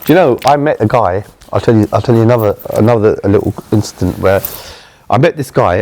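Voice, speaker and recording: Middle-aged London man, low and mellow, earnest interview storyteller who restarts phrases. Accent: London English. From England. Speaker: charity chief executive.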